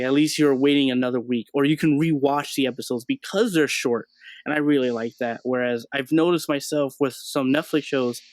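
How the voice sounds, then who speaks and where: A man's voice: medium pitch, a little mellow, smooth, no room sound. A man hosting a casual chat about a streaming show, talking in an easygoing way and thinking aloud with plenty of fillers. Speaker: channel host. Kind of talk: casual pop-culture chat.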